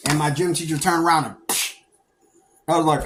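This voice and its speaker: Middle-aged male storyteller from Pennsylvania, rambling casual monologue, slightly higher voice, animated outbursts. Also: normal speed, a little hiss or hum. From Pennsylvania, United States. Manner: rambling, animated, acts out quoted people with sudden loud outbursts. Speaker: storyteller recounting his past.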